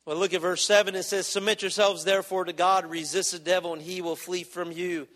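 Male preacher, high voice, impassioned sermon, reverberant church hall. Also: level tone, a little fast, fairly bright tone. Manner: impassioned, rising and dropping in volume, acting out prayers.

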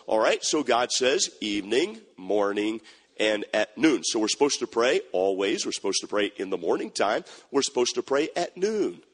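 A man's voice: mid-range voice, husky, in a large hall. A man preaching a folksy sermon, quoting scripture and repeating key phrases. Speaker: pastor.

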